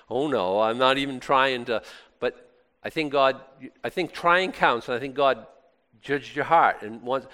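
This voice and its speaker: A man preaching a sermon as a pastor, animated and conversational, full of exclamations and restarts. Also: on the high side, long reverb tail.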